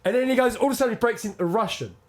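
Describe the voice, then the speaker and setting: A man's voice: very high-pitched, racing. A man, telling stories in casual chat, swearing and laughing. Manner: animated storyteller, swears, laughs often. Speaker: podcast co-host.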